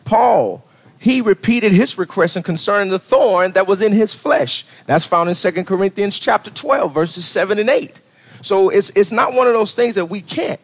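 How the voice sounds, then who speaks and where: A man preaching a sermon as pastor, talking conversationally, often asking "right?" and restarting his sentences. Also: sits high.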